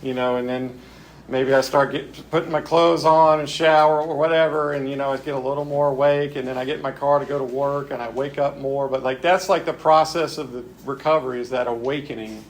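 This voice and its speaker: A man's voice: mid-range voice, fairly even intonation, a little fast, slight background noise. A man giving a reflective, plain-spoken recovery talk as a speaker at a men's spiritual retreat. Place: retreat gathering.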